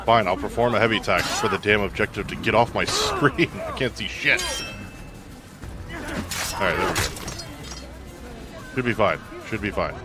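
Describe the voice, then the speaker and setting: A fairly low-voiced man streams a video game, chatting casually and cracking jokes as he reads out his viewers' messages. Loud game music plays underneath his voice. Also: wildly swooping pitch, moderate pace, pauses often. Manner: joking, chatty, reacts aloud to the game and reads out chat. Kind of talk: casual gameplay commentary.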